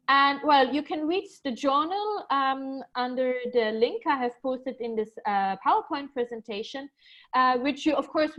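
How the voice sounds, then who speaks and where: A woman's voice: high-pitched, a bit bright, highs cut off. A woman moderating an online webinar, introducing the speakers with frequent ums and small slips. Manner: many ums and uhs, reads bios with small slips.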